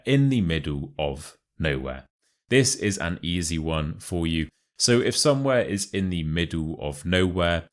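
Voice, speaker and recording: Deep-voiced British RP man teaching. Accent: modern RP British English. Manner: chatty, joking, exaggerated examples. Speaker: English teacher. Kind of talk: casual YouTube English lesson.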